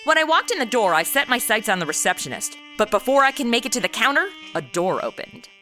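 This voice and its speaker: A woman's voice: a little high, sing-song, quick pace, sharp tone, soft background music. A young woman in her own voice, narrating and playing a sarcastic detective in a comedic audio drama. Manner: sarcastic and wisecracking, slips into mock drawl.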